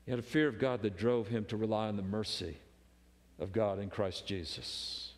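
A man preaching a sermon as pastor, emphatic, moving between loud urgency and hushed intensity. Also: on the low side, normal speed, long reverb tail.

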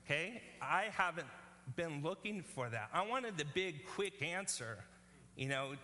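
A man's voice: fairly high pitch, lively intonation, a little slow, pushed and bright, long reverb tail. A male pastor preaching a sermon in an earnest, conversational way, often checking in with the congregation.

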